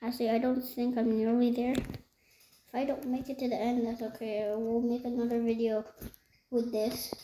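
A woman giving casual gameplay commentary, excitable and easily frustrated, swinging between loud outbursts and whispers. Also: a little high, moderate pace, slight background noise. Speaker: gaming video creator.

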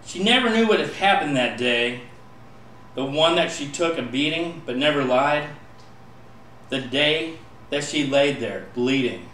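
A man's voice: medium pitch, distant mic, a little hiss or hum. Impassioned man reciting poetry, echoey room. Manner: impassioned, rising to pleading shouts. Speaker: poet. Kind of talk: spoken-word poetry recitation.

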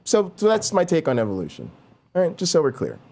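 A man's voice: fast, creaky. A man who works as an evolutionary biologist, a guest on a live call-in stream, ranting in an exaggerated, sarcastic, comedic way. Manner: animated, exaggerated and sarcastic, with big swings in pitch.

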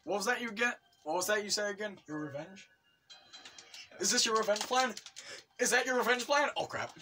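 A young man hosting a gaming video, commentating excitedly and teasing his opponent with frequent yelps and laughs. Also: sits high, a little fast, background noise. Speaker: gaming channel host.

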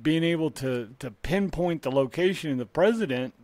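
A man's voice: fairly high pitch, animated, normal speed, a little mellow, no echo. A man co-hosting a casual comedy podcast, rambling with lots of restarts and fillers and swearing freely. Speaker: podcast co-host.

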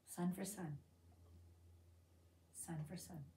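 A woman's voice: on the low side, slow, vocal fry. Woman Bible study leader, conversational and questioning, recorded from a distance in a reverberant room. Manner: conversational, asks the group questions; reads scripture aloud with lively emphasis. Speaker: Bible teacher.

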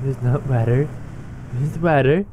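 A man's voice: mid-range voice, unhurried, muffled recording, a little hiss or hum. A young man giving let's play commentary on a driving game, exclaiming and laughing often. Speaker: gamer.

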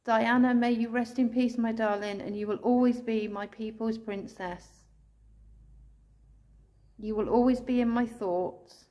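An English woman ghost hunter calling out to spirits indoors, speaking slowly and tenderly, sometimes tearful, recorded on a handheld camera. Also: on the high side, steady tone. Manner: soft, pleading, slow and tender, calling out with endearments. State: tearful at times.

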